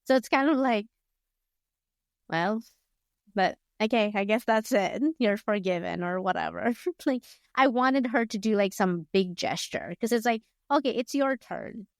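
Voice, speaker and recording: In this casual book review chat, another woman co-hosting the podcast rambles through the story with lots of fillers and performs the characters' quoted lines. She speaks a little slowly at medium pitch with a clean tone, in a dry, studio-quality recording.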